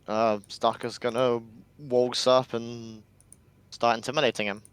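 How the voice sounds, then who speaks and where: A man playing a tabletop game who describes his character's actions haltingly, searching for the words. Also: medium pitch, flat delivery, smooth, no echo. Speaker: player.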